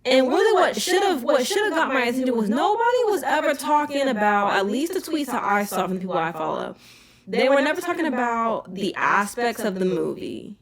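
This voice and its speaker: A young woman hosting a podcast, talking casually in an emphatic, animated rant. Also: on the high side, normal speed, a crowd in the background. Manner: animated, emphatic ranting with frequent "okay?" asides. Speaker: podcast host. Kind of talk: casual chat.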